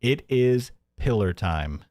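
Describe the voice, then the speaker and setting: A man hosting a live-stream commentary show, sarcastic and mocking, often laughing and jumping into a high mimicking voice. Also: expressive, slow, darkish tone, no echo.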